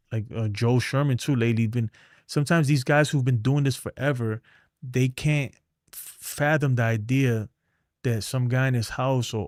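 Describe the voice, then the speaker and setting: A man's voice: mid-range voice, darkish tone, no echo, clean studio sound. A middle-aged man, ranting bluntly and rambling in a casual livestream, trailing off into mumbles. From New York. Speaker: sports streamer.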